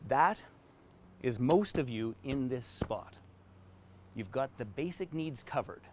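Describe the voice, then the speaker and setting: A man's voice: mid-range voice, expressive, slow, slight background noise. A man teaching business owners on a live stream, talking them through a whiteboard drawing with emphatic, story-driven delivery. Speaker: business coach.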